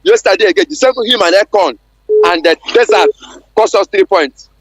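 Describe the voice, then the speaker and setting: A man's voice: high voice, animated, moderate pace, no room sound, low-quality recording. A Nigerian man calling a sports radio show, ranting in an irate, insistent way. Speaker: caller. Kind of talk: heated phone-in rant.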